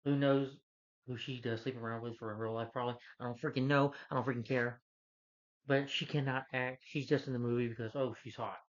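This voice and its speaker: A man's voice: medium pitch, little pitch movement, a little fast, lo-fi sound. A man giving an unscripted rant of a movie review, blunt and rambling, who keeps repeating himself and dropping filler yeahs.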